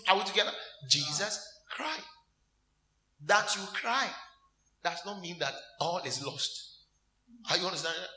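A man's voice: high-pitched, measured pace, long pauses, roomy sound. A man preaching a sermon as a minister, asking the congregation questions and acting out scenes with laughter and mock crying. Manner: animated, asks the congregation call-and-response questions.

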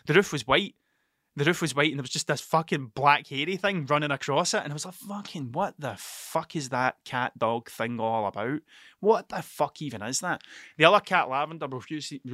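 A man's voice: fairly high pitch, sharp tone, no echo, clean studio sound. A man hosting a podcast, telling rambling stories in casual chat, swearing constantly and restarting his sentences as he digresses. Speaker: podcast host.

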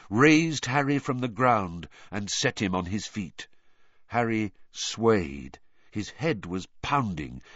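A man narrating a novel as an audiobook, reading with expressive, dramatic storytelling. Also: medium pitch, no room sound, lo-fi sound.

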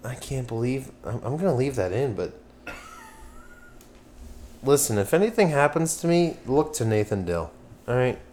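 A man's voice: medium pitch, animated, normal speed, pauses often, darkish tone, a little hiss or hum. A young man from Pennsylvania hosting a podcast, chatting casually, rambling, swearing and losing his train of thought. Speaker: podcast host. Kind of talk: casual chat.

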